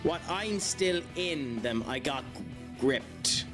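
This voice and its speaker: A man's voice: a little high, animated, slow. A man with an Irish accent streaming a video game live, chatting and joking with viewers between fights. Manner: chatty and jokey, with many fillers. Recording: game music behind voice. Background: game music.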